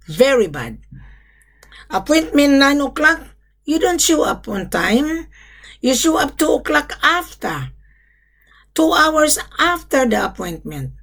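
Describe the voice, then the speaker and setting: A woman with a slightly high voice speaks directly to her audience as a business facilitator. She talks in short, blunt phrases, scolds firmly and hammers each point home by repeating it. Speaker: business facilitator addressing buyers and sellers. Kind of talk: direct-to-camera business pitch.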